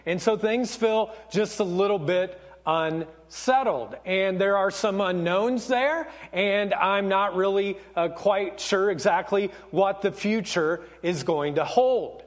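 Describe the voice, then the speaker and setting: A man's voice: sits high, big-room sound. A male pastor giving a sermon in a conversational, self-questioning way. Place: church sanctuary.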